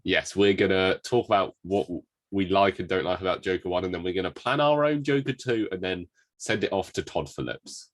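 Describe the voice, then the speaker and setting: A man's voice: low-pitched, brisk, no echo. A young man from England, co-hosting a podcast in joking, self-deprecating chat while ill with covid. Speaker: podcast co-host. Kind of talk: casual chat.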